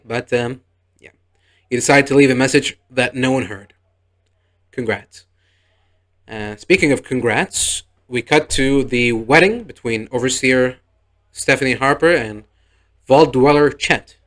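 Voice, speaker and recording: A man's voice: mid-range voice, a bit bright. A young man recapping a TV episode in a casual, sarcastic review. He rambles and acts out the characters' lines. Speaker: show reviewer.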